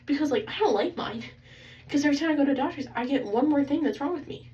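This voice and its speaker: A young woman tells an exasperated, animated story about a doctor's visit, filling her talk with "like". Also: high-pitched, fast talker. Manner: animated, exasperated, heavy use of "like". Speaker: vlogger. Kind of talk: casual storytime rant. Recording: slightly distant, dull, faintly noisy.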